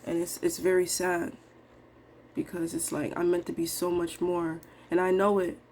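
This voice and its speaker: A young woman venting in a low, confessional way, rambling and dejected with casual slang. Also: monotone, normal speed, a little mellow, a little hiss or hum. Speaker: vlogger day trader. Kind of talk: emotional live trading vlog.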